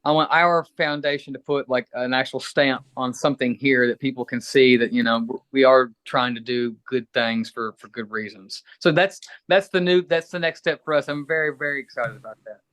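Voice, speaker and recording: A man's voice: mid-range voice, moderate pace, few pauses, dry recording. A middle-aged man from Kentucky, a musician guest chatting casually and a bit rambling in an interview. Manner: relaxed, rambling, friendly.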